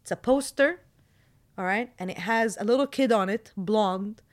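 A woman in her thirties from Jordan, chatting casually and telling animated stories with quick asides. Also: mid-range voice. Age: 30s. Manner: animated storyteller, quick asides, laughs often. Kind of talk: casual chat.

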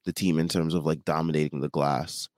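Deep-voiced man losing his voice. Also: steady tone, a little mellow, no echo, clean studio sound. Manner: halting, many fillers and restarts. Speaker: podcast co-host; teacher. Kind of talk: casual postgame sports chat.

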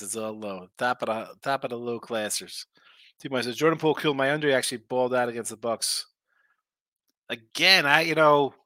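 A worn-out man rambles through a betting stream, laid-back and slangy, his voice bright and forward. The sound is close and dry, with no room around it. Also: medium pitch, no room sound. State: tired, yawning, injured arm. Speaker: sports betting show host. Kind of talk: casual live-stream chat reading viewer comments.

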